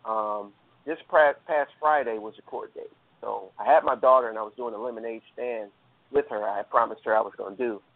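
A man's voice: mid-range voice, dry recording. A man earnestly telling a long personal story, rambling with fillers and restarts, over a phone line. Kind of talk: casual storytelling.

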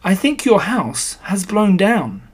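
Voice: medium pitch, big pitch swings, takes it slowly, slightly rough, voice pushed up, full character voice. A reader voicing a small, timid piglet in a storybook reading, nervous and anxious.

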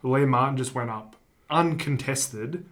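Male co-host, mid-pitched, jokey casual podcast banter. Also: measured pace, fairly bright tone. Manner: jokey, laughs often. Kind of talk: casual sports chat.

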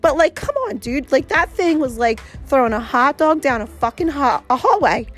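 A woman's voice: sits high, animated, moderate pace, fairly bright tone, soft background music. A woman guest telling a story about her vacation, bluntly and profanely, with lots of animation. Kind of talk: casual storytelling.

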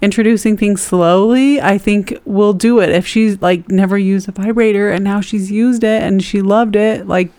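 A woman's voice: mid-range voice, steady tone, moderate pace, hardly any pauses, warm tone. A woman co-hosting a casual podcast chat, frank and chatty, reading listener posts and comments aloud. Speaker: podcast co-host.

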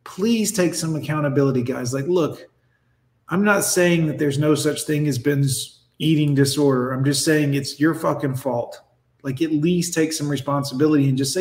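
A man's voice: on the high side, normal speed, a little mellow. A man hosting a reaction video, ranting bluntly and with heavy profanity. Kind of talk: mocking reaction commentary. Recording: roomy echo.

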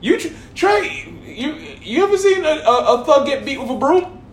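A man from Hawaii telling a comic story casually, animated and laughing through his words, in a roomy echoing room. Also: very high-pitched, normal speed, slight background noise.

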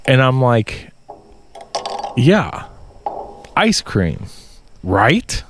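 A man telling a story in casual podcast chat, swearing a lot and getting loud in disbelief. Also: mid-range voice, very slow, background noise. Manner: profane, animated storytelling, rising to loud disbelief. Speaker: podcast co-host.

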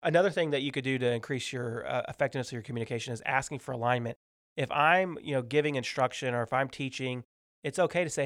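A man hosting a podcast, giving numbered practical tips in a relaxed teaching tone with light humor. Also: mid-range voice, fast talker, no room sound, studio quality. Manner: structured tips, light humor, acts out example dialogues. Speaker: podcast host. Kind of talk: casual teaching talk on workplace communication.

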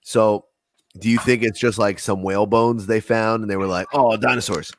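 A man's voice: fairly low pitch, flat delivery, moderate pace, a little hiss or hum. A man co-hosting a podcast, laid-back and teasing in casual banter. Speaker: podcast host.

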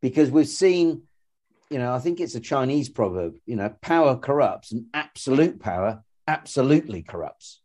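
A man talks through ideas in a relaxed podcast chat, looping back over his words with restarts and fillers. His voice is mellow and warm, sitting at an ordinary pitch. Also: normal speed. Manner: rambling, frequent restarts and fillers. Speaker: podcast co-host. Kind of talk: casual conversational podcast.

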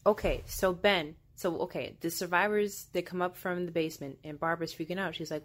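A young woman with a slightly low voice chats casually as she comments on a movie she is watching. Her talk is loose and full of fillers, and she stays animated throughout. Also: a little fast. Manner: chatty, filler-heavy, animated.

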